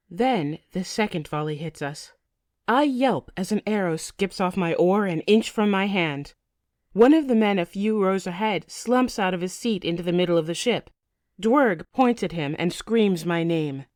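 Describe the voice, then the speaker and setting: A woman's voice: on the low side, lively intonation, a little slow, a little mellow, dry recording, studio quality. A woman narrating a first-person fantasy audiobook with intense, vivid storytelling.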